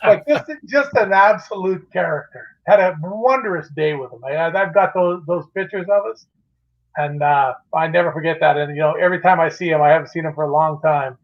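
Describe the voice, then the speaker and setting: Man, fairly high voice, animated storyteller who restarts his sentences a lot; muffled lo-fi stream sound. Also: fairly quick. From Canada. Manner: animated anecdote teller, many restarts. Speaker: guest, magazine publisher. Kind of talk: casual storytelling on a live show.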